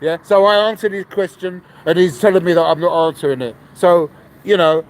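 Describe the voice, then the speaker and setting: A man with a Cockney accent from London, ranting loudly and aggressively, swearing and firing off repeated rhetorical questions into a camera. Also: high-pitched, steady tone, brisk, rough recording. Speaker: vlogger. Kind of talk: angry ranting monologue. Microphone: handheld camera.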